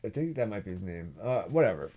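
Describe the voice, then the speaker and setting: A man's voice: lowish voice, very animated, fast talker, dark tone, dry recording. A man hosting a podcast in casual chat, rambling and profane with lots of stammered restarts. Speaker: podcast host.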